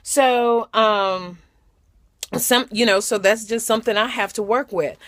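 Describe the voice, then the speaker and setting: A woman's voice: fairly high pitch, steady tone, a little slow, fairly bright tone, no echo, studio quality. A woman giving a short, conversational devotional message, repeating phrases for emphasis. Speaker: devotional speaker.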